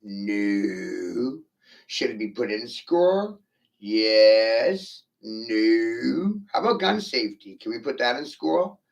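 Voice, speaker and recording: Slow, gravelly-voiced man ranting. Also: on the low side, big pitch swings. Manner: profane, provocative, rhetorical questions. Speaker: livestreamer. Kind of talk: rambling livestream rant.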